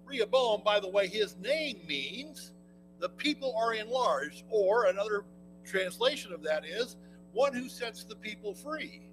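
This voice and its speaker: A man teaching a church Bible class, talking in a halting way with many fillers and restarts. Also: sits high, expressive, music in the background, low-quality recording.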